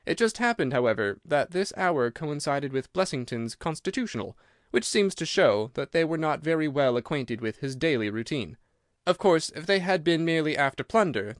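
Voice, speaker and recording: A man reading an audiobook, voicing a cool, incisive detective who reasons in a crisp, assured way. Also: mid-range voice, dry recording, clean studio sound, lightly acted.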